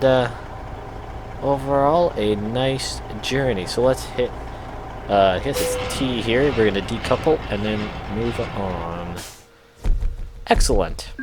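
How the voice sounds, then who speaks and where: A Canadian man with a Canadian accent giving rambling, chatty commentary while playing a truck driving game, with lots of fillers and restarts. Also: mid-range voice. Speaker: gaming channel host. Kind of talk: casual gameplay commentary. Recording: game engine noise behind voice. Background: truck engine and traffic sounds from the game.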